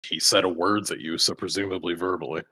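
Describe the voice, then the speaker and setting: Very deep-voiced man with dry remarks. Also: steady tone, quick pace, sharp tone, breathy edge. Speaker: player. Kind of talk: tabletop game chat.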